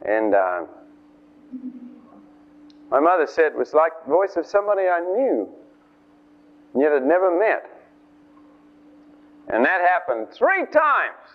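Man preaching, animated, high and lively voice, thin phone-like radio sound. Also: unhurried, pauses often. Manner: animated, chatty, acts out the story's voices. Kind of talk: informal sermon storytelling. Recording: tinny lo-fi radio broadcast.

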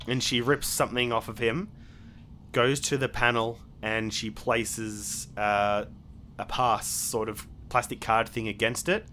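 A man's voice: medium pitch, steady tone, a little slow, pushed and bright, a little hiss or hum. A man narrating as game master of a tabletop game, rambling with many fillers and restarts.

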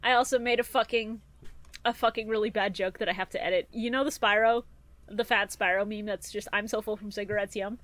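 A woman co-hosting a casual comedy podcast, profane and exasperated, breaking into loud outbursts. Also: fairly high pitch, steady tone, brisk, dry recording. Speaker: podcast co-host.

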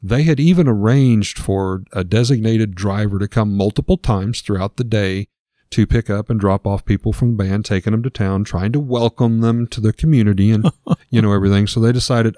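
A man's voice: fairly low pitch, a little fast, warm tone, no room sound, studio quality. A man casually retelling a ghost story as a podcast host, with lots of filler words.

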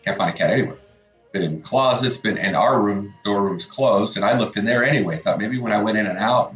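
A man's voice: lowish voice, a little fast, a bit bright, roomy sound. A middle-aged man co-hosting a morning radio show, telling a rambling story in casual chat and acting out what his family said.

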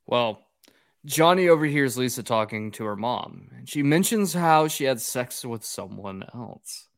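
A man's voice: medium pitch, animated, a little slow. A man in casual podcast chat, animatedly recapping a movie's scenes and laughing along. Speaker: podcast host recapping a film.

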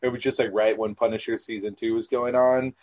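A young man telling stories in a casual interview, animated and rambling with lots of fillers. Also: mid-range voice, fairly quick. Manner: animated, rambling, filler-heavy with frequent laughs. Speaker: podcast guest, former theme park ride guide. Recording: dull lo-fi recording.

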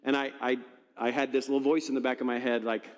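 A man's voice: mid-range voice, flat delivery, fast. Conversational male pastor in reverberant church. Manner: conversational, storytelling, frequent restarts. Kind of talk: sermon. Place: church auditorium. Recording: long reverb of a large church hall.

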